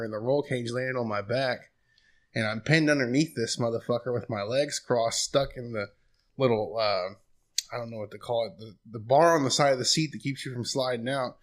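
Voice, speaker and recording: A man, telling a long story in profane, laid-back casual chat. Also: medium pitch. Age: 20s. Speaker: guest.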